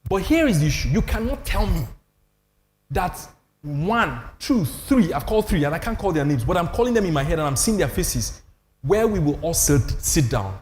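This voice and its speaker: Big pitch swings mark this older Nigerian man's high-leaning, darkish voice as he hosts an animated faith panel at a moderate pace. He leans into stories with emphasis and self-deprecating humor. The room sounds big, with slight background noise.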